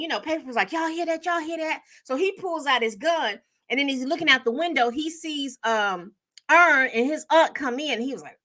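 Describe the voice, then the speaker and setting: Woman, high bright voice, chatty TV recap host, lots of fillers. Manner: chatty, animated storytelling with acted-out quotes; frequent fillers and self-corrections. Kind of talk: casual TV episode recap.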